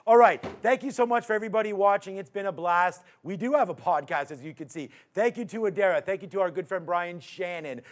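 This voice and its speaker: A man with a high, bright voice hosts a live markets show. He runs through energetic, loud shout-outs and banter with his co-host. His delivery is lively and upbeat. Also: fairly quick, few pauses.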